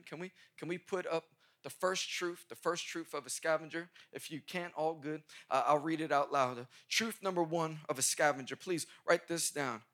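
A man's voice: on the high side, bright, forceful tone. A male pastor preaching a sermon in a church service, joking with the congregation and building to emphatic points.

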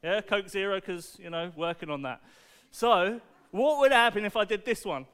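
A high-pitched man with a smooth, clear voice preaches to a young audience. He is animated and playful, firing questions at the listeners and sounding upbeat. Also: moderate pace. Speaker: preacher at a children's church talk. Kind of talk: lively sermon to children with object lessons.

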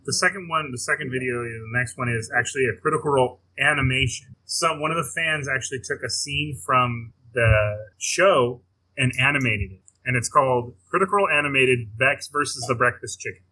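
A man's voice: medium pitch, fairly quick, pushed and bright, breathy edge, rough recording. A man co-hosting a podcast in casual chat, rambling and restarting his phrases. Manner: rambling, restarts phrases, laughs while talking. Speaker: podcast co-host.

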